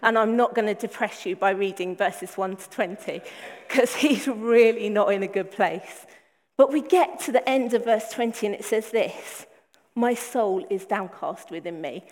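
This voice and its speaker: A woman's voice: medium pitch, moderate pace, a little mellow. A woman preaching a sermon, earnest and emphatic, repeating phrases for weight. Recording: long hall reverb.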